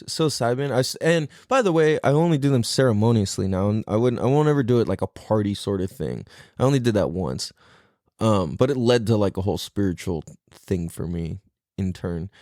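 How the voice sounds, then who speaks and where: A man's voice: medium pitch, darkish tone, dry recording, clean studio sound. A man hosting a podcast alone, talking casually in a rambling, profane, self-deprecating way. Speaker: podcast host. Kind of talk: casual solo podcast monologue.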